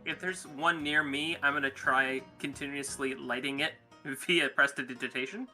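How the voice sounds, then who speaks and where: A player chatting casually during a tabletop game, quick to laugh. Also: medium pitch, fairly even intonation, pushed and bright, soft background music.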